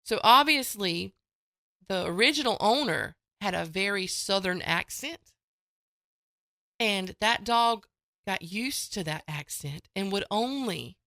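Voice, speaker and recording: A woman's voice: medium pitch, animated, takes it slowly, pauses often, sharp tone, no echo. A woman hosting a morning radio show, chatting casually and playfully into a studio microphone. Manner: chatty, playful, folksy, with frequent laughs.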